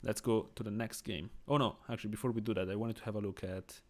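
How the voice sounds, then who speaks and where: A man from Switzerland, speaking English non-natively with a Swiss accent, thinks out loud over a chess game while chatting with live-stream viewers. He talks fast in a lowish voice with fairly even intonation.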